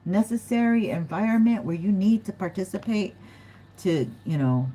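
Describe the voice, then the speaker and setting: In a mid-range voice that's expressive, mellow, and slightly rough, a tarot reader chats casually with her viewers at normal speed. She keeps giggling and acting out what others might say, all captured on a rough recording.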